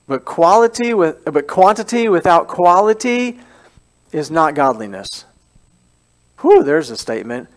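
A man with a high voice preaches to his church in a casual, animated way. He keeps throwing questions out to the people listening and repeats his main lines to drive them home. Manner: lively and conversational, asks the congregation questions and repeats key phrases. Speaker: pastor. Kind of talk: sermon. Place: church service.

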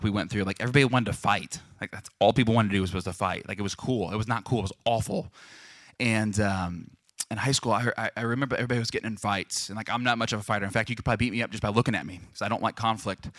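A man in his twenties, a pastor preaching a sermon that moves from casual storytelling to loud, forceful preaching. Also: mid-range voice, no room sound. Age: 20s.

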